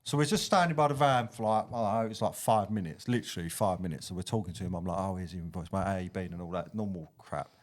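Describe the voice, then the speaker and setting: A man's voice: deep voice, fast talker, hardly any pauses. A man, a flooring tradesman telling a blunt, mate-to-mate story about walking off a job. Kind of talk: casual storytelling chat.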